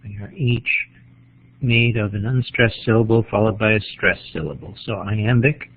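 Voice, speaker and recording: Tinny-sounding New lecturer. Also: male voice, on the low side, husky. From New England. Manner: measured, explanatory, pauses to think. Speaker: literature teacher. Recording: tinny phone-like lo-fi recording.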